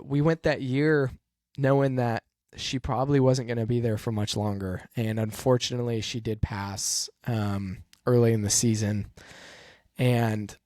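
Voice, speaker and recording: Guy with a mid-range voice hosting his podcast, halting, lots of ums, earnest, dry close sound. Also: medium pitch, no echo. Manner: halting, soft-spoken, many pauses and fillers; emotional, earnest. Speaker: podcast host and race car driver. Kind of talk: reflective personal storytelling.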